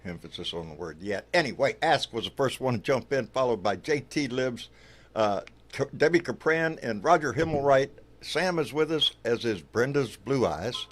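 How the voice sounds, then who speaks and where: A man's voice: mid-range voice, lively intonation, moderate pace. A man hosting a casual livestream, loose and profane, calling his viewers baby. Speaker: livestream host.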